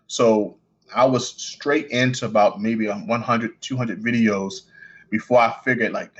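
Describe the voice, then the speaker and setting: Fast-talking man with a Baltimore accent. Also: lowish voice, fairly even intonation, breathy edge, lo-fi sound. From Baltimore, United States. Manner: fast-talking, with some stutters and restarts. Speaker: guest, coin ring artist. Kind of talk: casual podcast interview.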